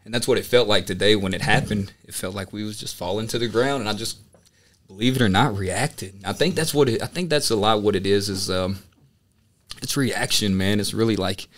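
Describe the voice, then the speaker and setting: A man with a fairly low voice tells a story in casual podcast chat, animated and loose. His talk is full of filler words as he describes his time as a student pilot. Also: brisk.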